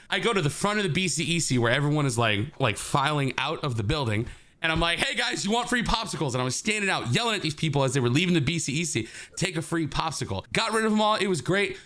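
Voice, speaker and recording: A man with a fairly high, bright voice telling a story on a podcast at a quick clip. He is animated, laughs often and acts out the lines of the people in his story. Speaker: podcast co-host. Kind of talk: casual storytelling chat.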